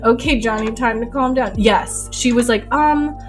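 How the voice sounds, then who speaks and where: A young woman chats casually on a live stream while she paints, laughing often and telling stories with lots of animation. Her voice sits a little high, and soft music plays faintly behind her. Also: steady tone, normal speed.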